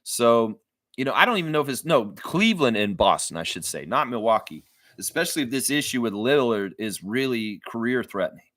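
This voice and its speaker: A man's voice: medium pitch, fairly quick, dry recording. A man hosting a casual live basketball reaction stream, talking loosely, swearing freely and acting out what others said. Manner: animated, swears freely, acts out quotes. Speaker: sports fan livestream host.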